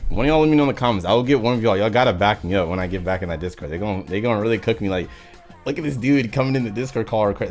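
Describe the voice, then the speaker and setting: Hyped young man reacting, wildly animated. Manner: hyped, breathless, swings high with excitement. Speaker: reaction video host. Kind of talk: excited reaction commentary. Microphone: headset.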